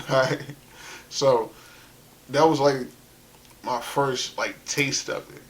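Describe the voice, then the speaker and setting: A man's voice: medium pitch, fairly even intonation, slow pace. A man from South Carolina, telling his life story in a loose, conversational way with lots of "you know" and "like". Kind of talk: casual spoken storytelling.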